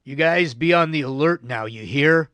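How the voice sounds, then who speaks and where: A man's voice: a little high, normal speed, bright, forceful tone, dry recording. A man reading an audiobook, voicing an older Marine who gives urgent, folksy warnings on patrol.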